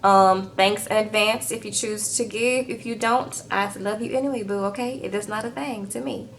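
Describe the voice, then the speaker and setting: A woman recapping a reality show in a chatty, animated way, talking straight to her viewers. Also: medium pitch, normal speed, slight background noise. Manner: animated, chatty, keeps calling viewers "girl". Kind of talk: casual chat recap.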